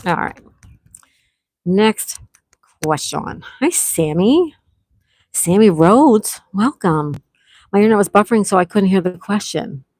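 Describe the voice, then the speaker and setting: A woman's voice: medium pitch, expressive, slow, pauses often, a little mellow, no echo, poor audio. A woman hosting a casual live-stream trivia game, reading each question twice and greeting players by name.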